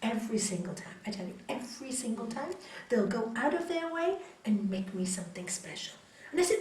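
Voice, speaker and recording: Brief: woman yoga teacher, high, bright voice, lively storyteller, echoey hall recorded from a distance. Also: fairly quick. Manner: animated, acting out what others say in stories. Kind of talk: teaching a spiritual course to a small group. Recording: echoey hall, mic far off, faint hiss.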